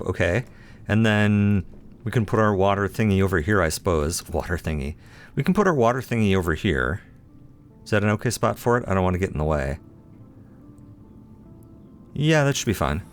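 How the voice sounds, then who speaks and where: Over soft background music, a let's play host with a smooth voice that sits low speaks animatedly at normal speed, pausing often. He offers casual, chatty game commentary, talking to himself and teasing himself in a playful, self-deprecating manner.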